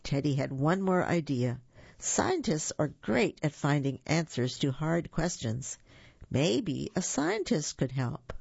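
A storyteller reading a children's picture book aloud with animated warmth, stumbling over a word now and then. The voice carries a gravelly texture. The sound is dry and somewhat dull. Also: mid-range voice, slow, no echo. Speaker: storybook reader.

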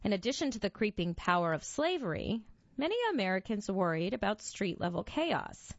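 A woman's voice: brisk, dry recording, lo-fi sound. A woman narrating a scripted history story with dramatic storytelling. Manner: dramatic storytelling with lively pitch.

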